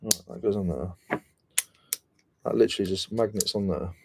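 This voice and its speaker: A man's voice: fairly low pitch, moderate pace, vocal fry, darkish tone, a little hiss or hum. A British man chatting casually and slangily on a reselling live stream, mocking himself as he goes. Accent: British English. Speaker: reselling vlogger.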